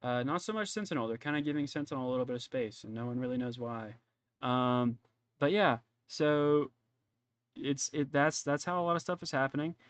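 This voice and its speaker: A man narrating as game master in a tabletop game, in a casual, halting way with many fillers. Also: medium pitch, smooth, no room sound.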